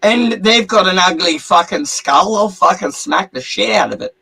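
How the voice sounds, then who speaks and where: A man's voice: high voice, normal speed, vocal fry, bright, forceful tone, slightly rough, low-quality recording. An Australian man arguing crudely and sarcastically as a guest on a heated livestream panel.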